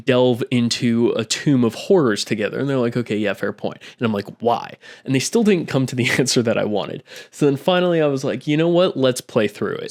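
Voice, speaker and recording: A man in the middle of his range talks through a tabletop game he ran for friends. He is loose and chatty and keeps slipping into the players' lines. It sounds like a simple solo recap at his own microphone. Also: medium pitch. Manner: chatty, acts out quotes with frequent "I'm like". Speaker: game master. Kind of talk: casual retelling of a tabletop game session. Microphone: own microphone at a desk.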